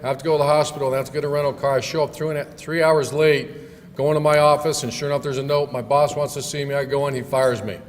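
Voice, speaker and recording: A man's voice: a little high, steady tone, fast talker, soft background music, close to an everyday voice. A man voicing an unlucky man pleading at heaven's gate, piling up one mishap after another. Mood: aggrieved. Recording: long hall reverb, faint room noise.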